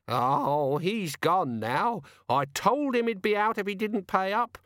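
A man's voice: high voice, sing-song, slow, fairly bright tone, no room sound, clean studio sound, pitched above the performer's own voice, heavily acted. A man doing a brusque, nosy landlady. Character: sharp-tongued suspicious woman landlady.

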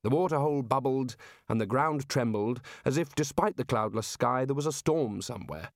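A man narrating a comic fantasy audiobook with a dry, measured comic delivery. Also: mid-range voice, no room sound. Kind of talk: scripted narration.

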